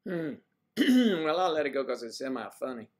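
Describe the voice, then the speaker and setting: An older man chats loosely on a livestream, tossing out folksy old sayings between pauses. His voice sits in an ordinary middle pitch. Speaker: livestream host. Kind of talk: casual livestream chat.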